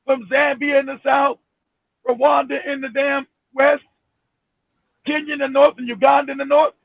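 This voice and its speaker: A man with a very high, gravelly voice rants heatedly at his live-stream audience, swearing freely and breaking into shouts. The sound is narrow and phone-like, dry and close, with no room around it. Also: flat delivery, normal speed, dry recording. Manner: emphatic, profane, bursts into shouting; repeats himself, many restarts. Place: home in Florida.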